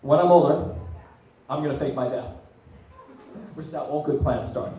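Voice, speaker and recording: A young man performs a stand-up set in a mellow, darker voice. He mixes dry, deadpan asides with loud punchlines. The sound comes from a distant mic in a very echoey room. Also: fairly high pitch, normal speed. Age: young adult. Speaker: student stand-up comic. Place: small comedy venue, audience laughing. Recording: very echoey room, heard from afar.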